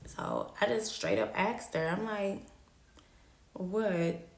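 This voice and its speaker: A woman's voice: medium pitch, unhurried, vocal fry, reverberant. A woman telling a personal story in a casual vlog, slangy and candid, repeating phrases for emphasis. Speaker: storytime vlogger.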